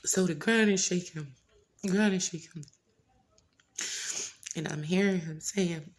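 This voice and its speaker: A woman vlogger giving a personal testimony, talking earnestly, repeating phrases for emphasis and sometimes dropping to a hushed whisper. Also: on the low side, a little slow, long pauses. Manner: drops into hushed whispers at times.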